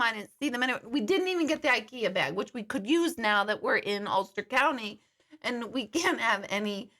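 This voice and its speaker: A woman with a high, animated voice and a sharp tone hosts a casual livestream chat with viewers at a moderate pace. Sounding tired, she tells a story while breaking into laughing fits, apologizing and swearing along the way.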